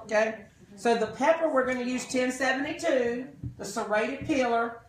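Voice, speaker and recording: A man's voice: extremely high pitch, moderate pace, roomy sound, distant mic, a crowd in the background, rough recording. Folksy man demoing kitchen tools. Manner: folksy, jokey, chatty with guests. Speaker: cooking demonstrator. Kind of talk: live kitchen product demo. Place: kitchen with live guests.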